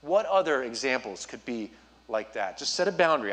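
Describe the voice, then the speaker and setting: A man preaching as a youth pastor, urging his listeners directly with an earnest, personal manner and quick asides. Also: mid-range voice, very animated, a bit bright. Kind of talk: sermon.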